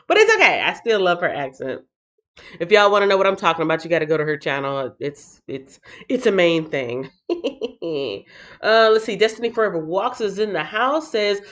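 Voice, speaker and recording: A woman's voice: on the low side, moderate pace. A woman hosts a livestream and chats with viewers in a playful way, tired after a night shift. Her voice swings widely up and down, and the stream audio sounds dull and lo-fi. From Texas. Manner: animated and playful, breaks into sing-song bits. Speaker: livestream host. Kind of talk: casual livestream chat, reading chat comments.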